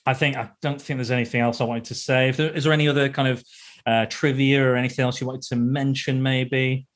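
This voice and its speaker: A man's voice: mid-range voice, flat delivery, fast. A man hosting a podcast, chatting casually about a film and often repeating and restarting his phrases. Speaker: podcast host. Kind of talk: casual film review chat.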